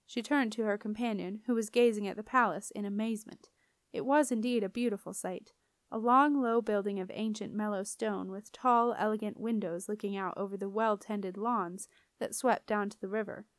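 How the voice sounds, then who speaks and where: A woman narrating a children's fantasy audiobook. Her reading is even and expressive. The recording is dry and close, with no room sound. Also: medium pitch, moderate pace, no echo. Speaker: audiobook reader. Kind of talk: storybook narration.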